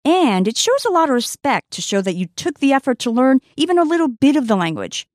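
Lively high-voiced woman teaching a lesson. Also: no room sound, clean studio sound. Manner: clear, careful teaching delivery, slowing to sound out words. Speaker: language teacher. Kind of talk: scripted language lesson.

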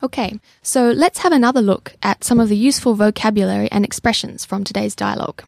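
A woman's voice: mid-range voice, quick pace, creaky, dry recording, studio quality. A woman hosting a language lesson podcast, chatty and explaining things. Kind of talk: casual lesson talk.

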